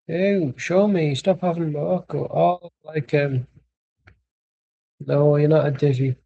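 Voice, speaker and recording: A young man talks his way through a live football match for his stream, wandering off into jokes and asides. His voice sits a touch high for a man. It has a gravelly, husky edge and a dark, mellow tone. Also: steady tone, measured pace, dry recording, lo-fi sound. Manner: rambling, joking banter with asides. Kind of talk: casual live match commentary.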